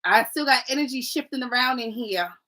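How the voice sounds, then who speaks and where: A woman's voice: fairly high pitch, animated, a little fast, bright, forceful tone, rough recording. A woman doing a casual livestream oracle card reading, chatty and rambling, who often adds "right?", calls viewers "family" and stumbles over names.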